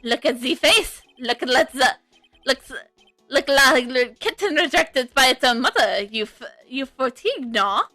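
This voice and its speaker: A woman's voice: sits high, expressive, measured pace, bright, forceful tone, no room sound, soft background music, full character voice. A woman putting on a flamboyant French chef, gushing. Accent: mock French. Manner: theatrical, gushing, fumbling words. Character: flamboyant male French restaurant owner.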